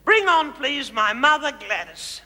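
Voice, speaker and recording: Comedy stage: a man as a very high-voiced, condescending housewife megastar, in a reverberant hall. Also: big pitch swings, a little slow, pushed and bright, exaggerated voice. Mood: gushing. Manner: theatrical, condescending, gushing endearments. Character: flamboyant gushing suburban housewife turned megastar, woman. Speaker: host directing audience volunteers. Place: large hall.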